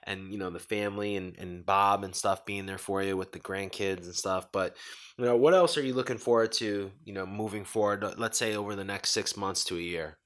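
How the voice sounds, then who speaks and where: Male interview host, lowish voice, relaxed rambling questions. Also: a little fast. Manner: loose, rambling questions with fillers. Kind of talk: casual interview.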